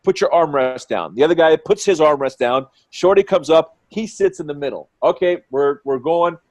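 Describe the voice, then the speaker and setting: A man in his forties, a fight commentator guest, telling stories in an excitable, quick way and acting out what people said. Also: a little high. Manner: excitable, quick storyteller who acts out quotes. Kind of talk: animated storytelling in conversation.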